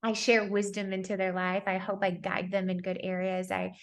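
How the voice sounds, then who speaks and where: A woman's voice: mid-range voice, little pitch movement, moderate pace. Woman, 30s, candid reflective talker, fillers, self-deprecating. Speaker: speaker sharing parenting lessons. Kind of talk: personal reflective talk.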